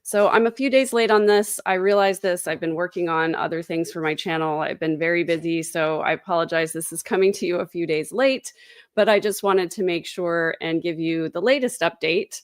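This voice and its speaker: A woman's voice: on the low side, moderate pace, smooth, dry recording, studio quality. A woman hosting a casual true crime livestream from home, chatty and sarcastic. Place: home, indoors. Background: dogs.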